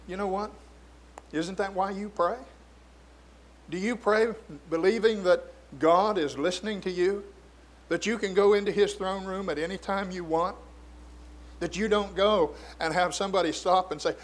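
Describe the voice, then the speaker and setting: A man's voice: high voice, steady tone, normal speed. A man preaching a sermon, putting many questions to his listeners and slipping in playful asides. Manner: asks many questions of the congregation, mock-humorous asides. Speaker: pastor.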